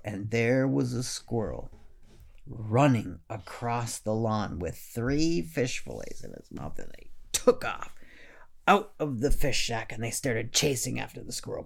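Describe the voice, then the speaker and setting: A man narrating a children's story in a gentle, unhurried way. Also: mid-range voice, creaky.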